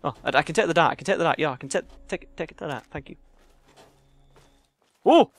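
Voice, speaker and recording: A young man chatting casually and profanely while playing a game in his cramped bedroom, rambling and jokey, yelling in a panic when enemies attack. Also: fairly high pitch, expressive, fast talker. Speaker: let's play gamer. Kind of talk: casual gameplay commentary.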